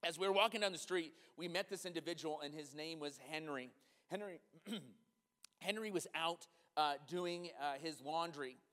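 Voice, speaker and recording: A man preaching a sermon, telling a story animatedly, dropping to a hush and then rising to loud exclamations. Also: on the high side, moderate pace. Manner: animated, swings from hushed to loud. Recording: long reverb of a large hall.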